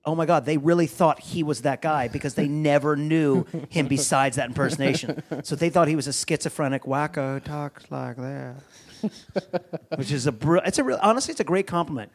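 A man's voice: a little high, a little fast. A man guesting on a comedy podcast, chatting casually and telling rambling, joking stories.

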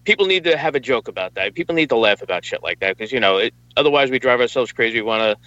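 A man's voice: mid-range voice, lively intonation, very fast, sharp tone, dry recording, highs cut off. An American man co-hosting a casual podcast, rambling and stammering with crude swearing. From United States. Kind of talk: casual chat.

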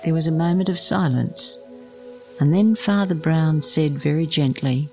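Gentle woman reading a spiritual reflection. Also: low voice, unhurried, music in the background. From Australia. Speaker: abbess giving a reflection.

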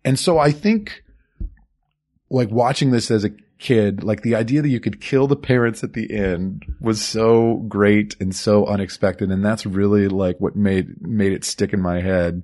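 A man with a lowish voice talks through a film with a co-host in easy podcast chat. He stops for fillers and laughs often as he talks. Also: a little slow, a little mellow. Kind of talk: casual movie-podcast chat.

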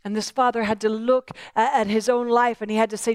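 A woman's voice: fairly high pitch, little pitch movement, fairly quick, few pauses, no echo. A middle-aged woman preaching a sermon earnestly, asking pointed questions and voicing people in prayer.

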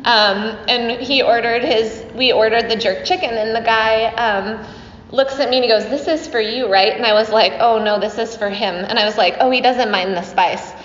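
A woman's voice: a little high, fairly even intonation, moderate pace. Chatty woman yoga teacher, echoey hall. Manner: chatty, laughing often, many fillers. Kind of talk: dharma talk to a class. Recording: dull echoey hall recording.

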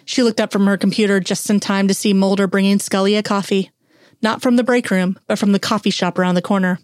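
Woman narrator for a fan fiction reading; steady, mid-range voice, dry and close. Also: mid-range voice, fairly quick, no room sound.

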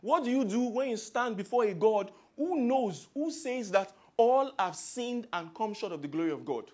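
Emphatic Nigerian male preacher, hushed to loud. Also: sits high, animated, moderate pace, highs cut off. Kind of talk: sermon.

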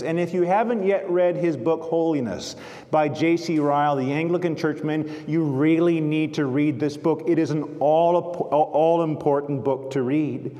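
A man's voice: on the high side, moderate pace, darkish tone. A male pastor delivering a sermon, telling stories and quoting writers in an earnest manner. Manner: earnest storytelling, literary quotations. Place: church sanctuary. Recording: long church reverb.

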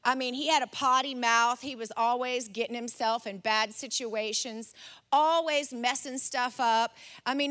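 A woman in her forties delivers a sermon through a lively personal story. Her voice sits high and sounds bright. She jumps into the voices of the people in the story as she tells it. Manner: animated storyteller, acts out her son's voice. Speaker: pastor.

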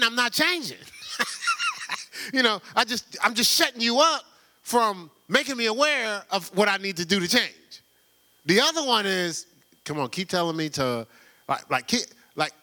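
A man preaching a sermon in a loose, conversational way, full of rhetorical questions and quick laughs. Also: high-pitched, pushed and bright. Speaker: pastor.

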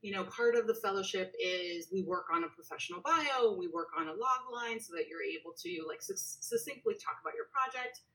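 Casting: woman interview host, chatty and animated, recorded remotely from a slight distance. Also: mid-range voice, a little fast, few pauses. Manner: chatty, animated, lots of fillers. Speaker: podcast host. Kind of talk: casual interview over a call.

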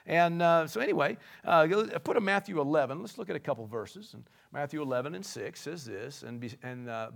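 High-pitched guy preaching, playful and lively, goes from quiet to yelling. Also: fast, creaky, few pauses. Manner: animated, playful, shifts from soft to shouting. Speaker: pastor. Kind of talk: sermon.

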